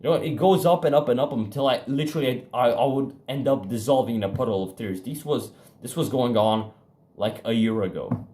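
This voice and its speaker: With a warm, medium-pitched voice, a young vlogger gives a self-improvement pep talk straight to the camera. The talk is casual, candid, and laced with profanity, wandering through fillers and restarts, while he speeds up and slows down to drive points home.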